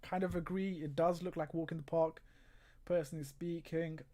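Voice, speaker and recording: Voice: mid-range voice, steady tone, normal speed, mellow. A livestream host in casual live commentary, exasperated and sarcastic, often breaking into laughter and reading viewer comments aloud. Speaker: livestream host of a football watchalong.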